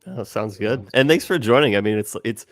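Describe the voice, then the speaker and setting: A man's voice: lowish voice, fairly quick, no echo, studio quality. A man hosting a podcast in casual chat, giving short affirming replies and friendly questions. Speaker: podcast host.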